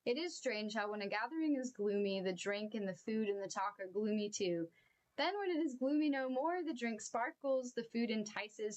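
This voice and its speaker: A woman reading a children's novel aloud, with expressive and emotional storytelling. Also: a little high, normal speed.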